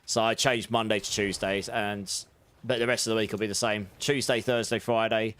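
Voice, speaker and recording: A man's voice: fairly low pitch, fairly even intonation, normal speed, fairly bright tone, smooth. A young man livestreaming a game, chatting casually with his viewers and thanking them, his voice a little sore. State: slightly sore voice. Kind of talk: casual gameplay chat with viewers.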